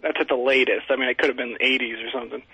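A man's voice: medium pitch, fairly even intonation, racing, sharp tone, husky, rough recording. A man calling in to a radio show, giving casual, short replies. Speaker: caller. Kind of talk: call-in radio chat.

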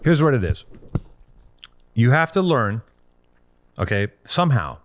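A man hosting a call-in show, giving blunt, profane motivational talk and telling stories with animated energy. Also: medium pitch, measured pace, pauses often, soft background music.

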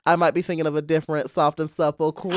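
A man's voice: on the high side, very noisy. A young man co-hosting a podcast, chatting in a playful, sassy way and laughing often. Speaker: podcast co-host. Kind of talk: casual chat.

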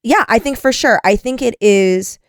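A woman's voice: on the high side, normal speed, dry recording, clean studio sound. A woman hosting a casual podcast chat, agreeing often and reading plot summaries aloud with many "like"s. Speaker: podcast host.

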